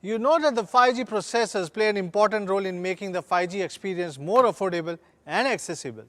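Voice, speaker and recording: A middle-aged man, delivering a rousing scripted keynote at a product launch with measured, slogan-filled emphasis. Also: high-pitched, a bit bright. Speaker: company executive giving a product launch keynote.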